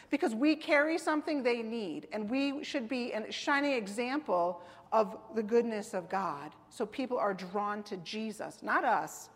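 A woman delivers a sermon in a fairly high voice, talking to the congregation as if in conversation and checking in with them as she goes. Her voice rings out through a church hall with a long reverb. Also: a bit bright, slightly rough. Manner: conversational preaching, asking "right?" and "amen?". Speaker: preacher.

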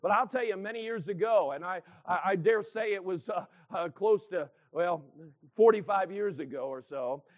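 A man's voice: high voice, normal speed. A man in his fifties or sixties preaching a sermon in church, earnest and emphatic, asking the congregation for responses. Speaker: pastor. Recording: tinny phone-like sound.

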